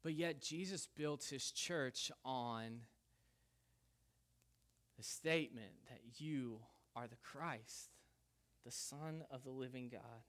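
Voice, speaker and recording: A man preaching a sermon, casual and conversational, with an animated delivery. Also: medium pitch, slow pace, pauses often. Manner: lively, conversational preaching with Southern "y'all". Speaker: pastor.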